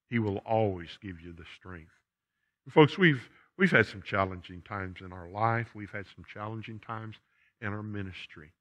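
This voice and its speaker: A man's voice: fairly low pitch, normal speed, fairly bright tone. A man preaching a sermon to his congregation in a church, emphatic and repeating key phrases. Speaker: pastor. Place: church sanctuary. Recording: dull lo-fi church recording.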